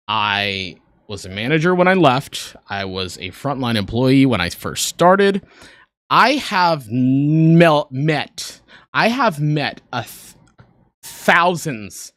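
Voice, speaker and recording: A man's voice: mid-range voice, a bit bright, dry recording, clean studio sound. A man casually chatting on a livestream, rambling and joking at his own expense with the viewers. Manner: rambling, self-deprecating, joking with chat. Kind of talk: casual reaction stream chat.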